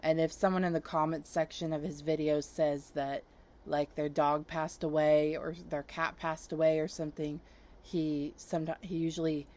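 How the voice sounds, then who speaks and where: A woman hosting her own channel, chatting casually and enthusiastically, rambling with fillers and soft laughs. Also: deep voice, level tone, normal speed. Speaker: YouTube channel host. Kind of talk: casual chat, recommending channels.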